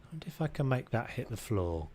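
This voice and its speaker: A man's voice: medium pitch, sing-song, fast, a little mellow, slight background noise. A young man streaming a renovation game, casually thinking aloud and muttering to himself as he builds, with self-deprecating asides. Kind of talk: casual live-stream commentary.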